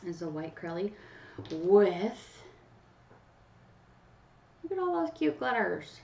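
A chatty woman from Canada hosts a live stream, talking straight to viewers by name. Her voice has a gravelly edge and sits back from the mic, in a roomy space. The sound is dull and lo-fi. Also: mid-range voice, big pitch swings, slow pace, mellow, recorded from a distance. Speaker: livestream host running a nail polish giveaway. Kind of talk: casual live chat to viewers.

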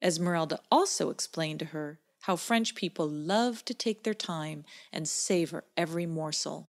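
A woman narrating a children's story in a gentle, expressive storytelling manner. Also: low voice, moderate pace.

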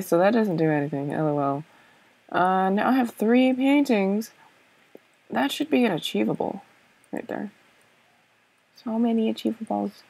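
A woman plays a puzzle game and narrates it herself, thinking aloud hesitantly and doubting herself, with many fillers and repeated "okays." Her low-ish voice is gravelly, darkish and husky, and the recording is low quality.

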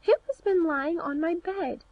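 A woman voicing seven little dwarf men in a storybook reading, speaking in high, excited exclamations. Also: unhurried, no room sound, narrow, tinny audio. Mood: alarmed.

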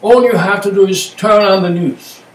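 A man speaking as a meditation teacher in a slow, reflective way, using short, halting phrases and plain words. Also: high-pitched. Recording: echoey room, distant mic, faint noise.

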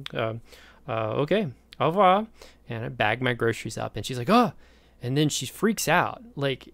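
American guy lecturing, gravelly voice, dry close sound, tells stories with lots of energy. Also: medium pitch, no echo. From United States. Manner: animated storytelling, playacts his own past lines. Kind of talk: recorded lecture with a personal anecdote.

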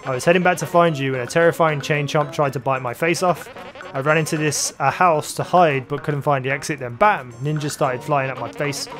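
Luigi, squeaky mock Italian, as a man puts him on. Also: fairly even intonation, brisk, over music, close to an everyday voice. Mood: goofy. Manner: hammy and whiny, higher than his own voice. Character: clumsy cheerful young man plumber, brave.

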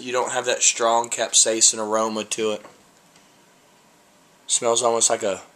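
Bright-voiced man reviewing peppers. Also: fairly low pitch. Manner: rambling, laid-back, folksy slang. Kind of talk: casual vlog tasting review.

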